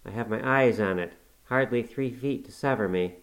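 A man's voice: mid-range voice, moderate pace, natural voice, rough recording. A man reading aloud as a brooding, curt middle-aged master of a house in a storybook. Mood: mocking. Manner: terse, dismissive.

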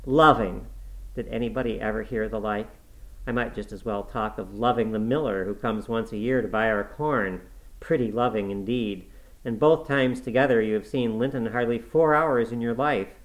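A man's voice: fairly low pitch, normal speed, close to an everyday voice, poor audio. A man doing a scornful, scolding housekeeper. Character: stern, scornful middle-aged female housekeeper.

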